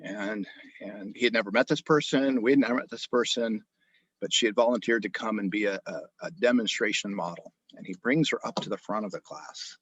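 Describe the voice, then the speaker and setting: Male doctor, husky mid-pitched voice, dry muffled video-call sound, lively storyteller. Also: fairly quick, no room sound. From grew up in Japan. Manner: animated storyteller, frequent restarts. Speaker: osteopathic family physician. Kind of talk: storytelling interview.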